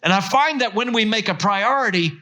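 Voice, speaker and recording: A pastor with an American accent preaching a sermon, telling stories with lively acted-out quotes. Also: male voice, high voice, brisk. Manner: animated storytelling, acts out quotes.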